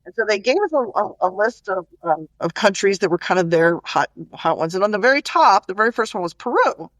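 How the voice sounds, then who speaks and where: Middle-aged woman, interview guest; lively, filler-heavy storyteller, mid pitch, dry sound. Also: fairly quick, dry recording. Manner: animated, chatty storyteller with many "you know" and "like" fillers.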